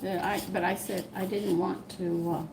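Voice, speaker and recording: A woman with a Southern drawl talks her way through a home cooking stream in a fairly low voice, drifting from the recipe into long personal stories. Plates, cutlery and pans clatter clearly in the kitchen around her. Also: little pitch movement, moderate pace, noisy background. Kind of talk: casual cooking live stream.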